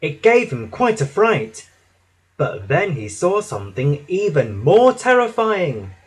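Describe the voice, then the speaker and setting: A man narrating a children's storybook with an expressive, dramatic reading. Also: fairly high pitch, slow, slightly rough.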